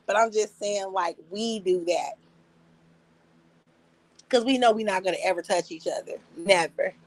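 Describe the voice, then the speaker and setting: A woman's voice: medium pitch, rough recording. A woman in her forties chatting casually on a livestream, telling blunt, profane stories and acting out quotes in other voices with frequent laughter. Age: 40s. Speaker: live streamer.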